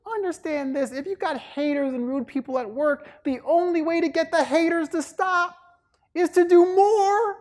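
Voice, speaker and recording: A man putting on the voice of his outspoken, loving mother, with a high, sassy, emphatic delivery. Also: moderate pace. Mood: encouraging. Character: loving, outspoken mother teasing her son.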